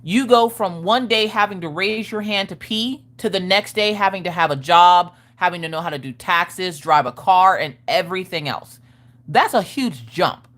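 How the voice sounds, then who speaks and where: A woman hosting a casual live stream, with a voice on the lower side for a woman. She talks frankly about raising her kids, swears freely and tells her stories with animated energy. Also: normal speed. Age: adult parent of school-age children. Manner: frank, profane, animated storytelling.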